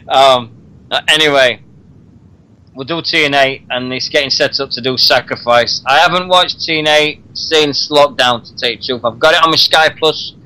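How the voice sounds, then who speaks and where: Brief: male radio host, bright, slightly high voice, chatty, calls people mate. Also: measured pace, rough recording. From Britain. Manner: chatty, laughs often, says "mate". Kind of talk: casual wrestling chat.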